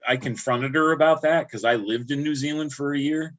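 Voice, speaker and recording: A man's voice: fairly high pitch, brisk, fairly bright tone, muffled recording. A man from upstate New York chatting casually on a livestream, rambling and restarting his words often. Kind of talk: casual chat.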